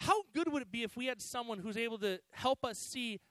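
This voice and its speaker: A man preaches in a relaxed, conversational way. He often adds "you know" and restarts his phrases. His voice is very high for a man, and the sound is dry and close. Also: fairly quick, no room sound, poor audio. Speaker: youth pastor. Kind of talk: sermon.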